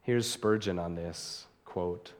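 Male preacher, sermon, earnest, deliberate and unhurried, words leaned on for emphasis, long hall echo. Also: low voice. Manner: earnest, slows to stress key words, reads scripture aloud.

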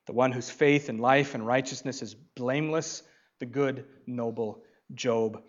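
A man preaching an expository sermon, slow and emphatic, swinging from loud declarations to quiet asides. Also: medium pitch, muffled recording.

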